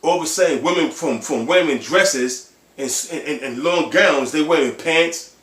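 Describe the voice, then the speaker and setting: A man preaching in a fiery, emphatic way, with a fairly high voice. He is blunt and profane, and he keeps tagging his lines with "man." The sound is roomy, with plenty of echo around him. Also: measured pace, fairly bright tone. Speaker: preacher on a livestream. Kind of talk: impassioned religious preaching. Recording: echoey room.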